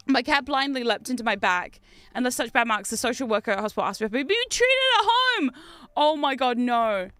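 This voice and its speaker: An Australian woman streaming a game, chatting casually with viewers in an excitable, talkative way and laughing often. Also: fairly high pitch, moderate pace, no room sound, faint music behind. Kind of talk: casual gameplay chat with viewers.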